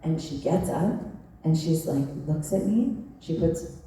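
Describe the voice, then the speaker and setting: A woman's voice: low voice, animated, unhurried, mellow, distant mic, a little hiss or hum. Chatty woman in an echoey hall. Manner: chatty, laughing, lots of "like". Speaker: panel guest actress. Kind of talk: convention panel storytelling. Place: large convention hall.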